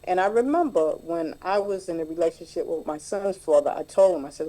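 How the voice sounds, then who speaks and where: A woman's voice: on the low side, expressive, brisk, dark tone, low-quality recording. A middle-aged woman telling a personal family story at a recovery group meeting, reflective and plain, with many fillers. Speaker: meeting member sharing.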